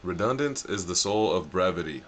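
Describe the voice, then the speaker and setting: A man's voice: low-pitched, lively intonation, moderate pace, a little hiss or hum. A man hosting a livestream in a casual, joking way, reading viewer captions aloud and swearing freely. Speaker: livestream host.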